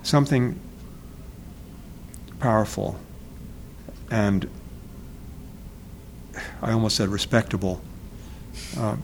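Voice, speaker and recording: Author interviewee, male, lowish voice, thoughtful and halting, faint background noise. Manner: halting, searching for words, self-correcting. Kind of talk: reflective interview talk.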